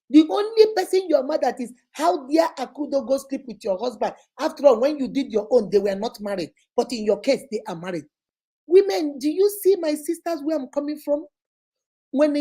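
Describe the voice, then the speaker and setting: Woman, advice show host, animated and preachy, mellow voice. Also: fairly high pitch. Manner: animated, preachy, scolding rhetorical questions. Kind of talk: casual advice commentary.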